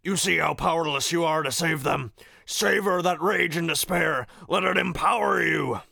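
A man putting on a gravelly old villain. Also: a little high, pushed and bright, no room sound, studio quality, voice pushed up, exaggerated voice. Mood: menacing. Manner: slow, grandiose and sinister delivery. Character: old male scheming villain, smug and menacing. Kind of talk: reading a game scene aloud.

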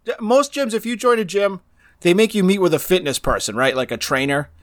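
A man's voice: high-pitched, animated, a little fast, a bit bright, no echo, studio quality. A man hosting a comedy podcast, chatting casually in a jokey style with playful exaggeration. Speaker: podcast host.

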